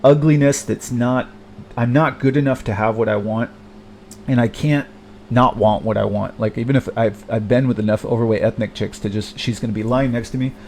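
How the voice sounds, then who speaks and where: A man of middling pitch pours out a rambling confessional monologue, halting and restarting as he goes. He sounds self-deprecating and bitter and swears often. A faint hiss sits under the voice. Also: steady tone, darkish tone. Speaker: vlogger.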